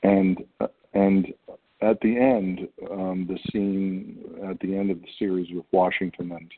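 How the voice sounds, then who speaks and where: A middle-aged man from the United States speaks in a very low, husky voice, musing his way through answers with frequent ums and restarts. The sound is thin and phone-like, as if over a narrow line. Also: flat delivery. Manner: thoughtful, halting, many fillers and restarts. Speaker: actor guest. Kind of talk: casual interview talk.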